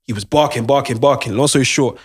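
A young man tells a story in a relaxed chat, talking fast and throwing in a lot of slang. His voice is husky. His delivery is animated, and he keeps checking that his listeners follow along. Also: mid-range voice. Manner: animated, repeats "do you understand", London slang.

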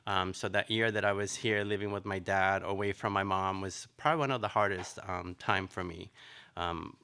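A middle-aged man from Nicaragua telling his life story in an interview, chatty and animated, with lots of fillers. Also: sits low, normal speed, smooth. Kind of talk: personal storytelling.

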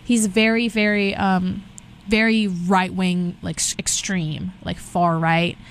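A young woman from Brazil, talking as a guest in a casual chat, restarting sentences and filling pauses with "like" and "um". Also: on the low side, little pitch movement, slight background noise. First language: Portuguese. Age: young adult. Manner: chatty, restarts often with many fillers.

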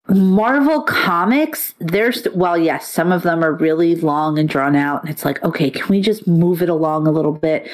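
A woman in casual chat about comics and superhero films, excitable and talkative, swearing freely. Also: on the low side.

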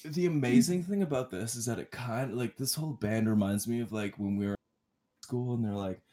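A man's voice: medium pitch, lively intonation, a little slow, a little mellow. A man co-hosting a casual music podcast, rambling with lots of fillers, laughing and swearing as he talks. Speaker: podcast co-host. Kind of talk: casual chat.

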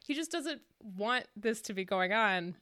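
A woman's voice: mid-range voice, lively intonation, a little slow, a bit bright, dry recording, clean studio sound. A young woman co-hosting a casual rewatch podcast, chatty and emotional, laughing often and filling with "like". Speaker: podcast co-host.

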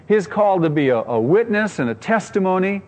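A man's voice: high-pitched, very animated, brisk, a little mellow, in a large hall. A man preaching a sermon as pastor, earnest and emphatic, often repeating his phrases.

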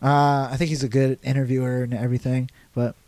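A man co-hosting a podcast, chatting about wrestling in a relaxed way, swearing casually and laughing often. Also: mid-range voice, brisk, no room sound. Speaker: podcast co-host.

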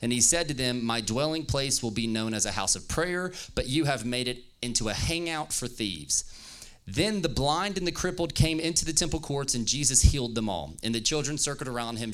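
Animated, bright-voiced pastor. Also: male voice, mid-range voice, moderate pace. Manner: playful, joking with the audience, reading scripture aloud. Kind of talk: lively youth-service sermon with scripture reading.

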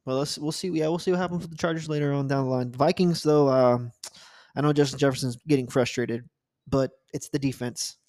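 Male podcast co-host, dry close sound, relaxed and profane. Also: mid-range voice, fairly quick, dry recording. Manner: laid-back, laughing, profane. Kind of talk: casual sports chat.

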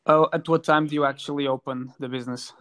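Hesitant man, a bit higher voice. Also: fairly even intonation, fast, a bit bright. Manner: hesitant, many fillers and restarts, playful. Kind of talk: casual chat.

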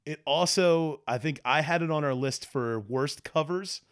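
A man's voice: fairly high pitch, a little slow, clean tone. A man co-hosting a podcast, chatting casually and animatedly with frequent laughs. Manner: animated, laughs often, quotes scenes in put-on voices. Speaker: podcast co-host. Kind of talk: casual chat.

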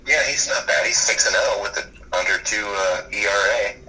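A man's voice: lowish voice, normal speed, pushed and bright, slight background noise, rough recording. A man co-hosting a casual sports chat, giving dry, brief remarks. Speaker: co-host.

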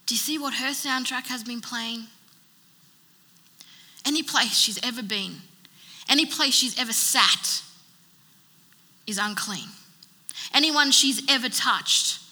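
A woman's voice: a little high, bright, forceful tone. A woman preacher giving a sermon in an emphatic style, building her points through rhythmic repetition. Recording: long reverb of a large hall.

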